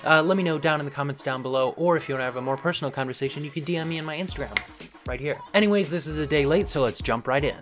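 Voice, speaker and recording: A young man hosting a casual news commentary vlog, animated and ranting, with frequent fillers. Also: on the high side, very fast, over music. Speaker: host.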